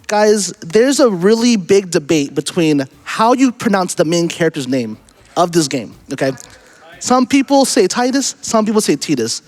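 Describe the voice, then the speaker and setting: A man's voice: high-pitched, sing-song, moderate pace, darkish tone. A man doing live commentary on his own speedrun, upbeat and talking straight to viewers. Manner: upbeat, addresses viewers directly. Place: charity marathon event stage.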